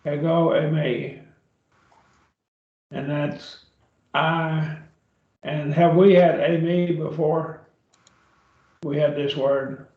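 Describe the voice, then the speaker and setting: Patient male Bible-class teacher, gravelly, heard from across an echoey room. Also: a little high, flat delivery, extremely slow, pauses often. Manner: patient, explains step by step, checks with "okay?". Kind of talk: classroom grammar lesson. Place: church classroom. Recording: distant, roomy and dull.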